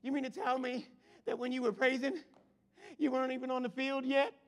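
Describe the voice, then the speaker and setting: A man preaching a sermon in a church, swinging from quiet talk to shouted praise. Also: extremely high pitch, level tone, fairly quick. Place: church hall. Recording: long hall reverb.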